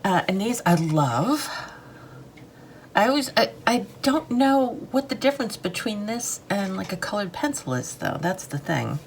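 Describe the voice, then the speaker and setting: A woman's voice: medium pitch, very animated, measured pace, slight background noise. A woman vlogging about art supplies while she draws, chatting casually in a rambling, hesitant, self-deprecating way. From United States. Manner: talks while drawing and coloring. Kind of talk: casual chat while drawing.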